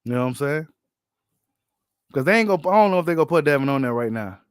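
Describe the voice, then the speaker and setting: A man hosting a boxing channel, giving casual, animated reaction commentary full of slang and repeated phrases. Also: fairly high pitch, fast, clean tone, no room sound, studio quality.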